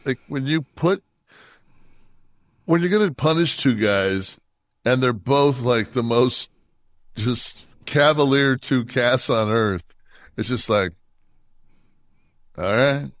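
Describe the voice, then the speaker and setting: Podcast host, man, slow and halting, dry close-miked voice. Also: medium pitch, lively intonation, fairly bright tone, dry recording. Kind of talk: casual podcast chat.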